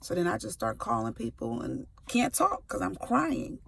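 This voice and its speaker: Candid, gravelly-voiced woman in her forties. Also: lowish voice, huge pitch swings, normal speed, fairly bright tone. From California. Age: 40s. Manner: candid, playful asides, slangy. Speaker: sickle cell advocate. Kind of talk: personal testimony to camera. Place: before work, recording a video.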